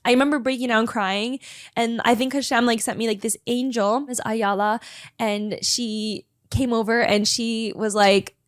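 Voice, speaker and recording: A young woman telling a personal story in a fast, chatty way, full of filler words and emotion. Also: on the high side, steady tone, no room sound, clean studio sound. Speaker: vlogger sharing a personal story. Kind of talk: casual storytelling to camera.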